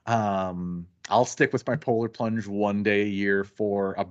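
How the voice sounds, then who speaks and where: A man's voice: fairly low pitch, fairly even intonation, a little slow. Chatty man telling rambling stories. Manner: rambling anecdotes, acts out both sides of conversations. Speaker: podcast co-host. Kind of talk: casual chat. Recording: dull lo-fi sound.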